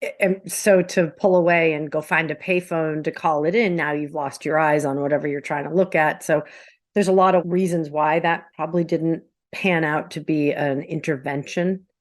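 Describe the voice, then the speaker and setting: Woman, podcast host, measured and thoughtful, very low voice. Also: steady tone. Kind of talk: conversational interview.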